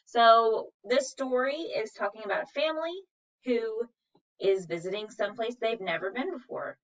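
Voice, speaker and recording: A woman's voice: fairly high pitch, moderate pace. A woman teacher giving a recorded reading lesson, patiently sounding out words syllable by syllable. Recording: dull, slightly distant recording.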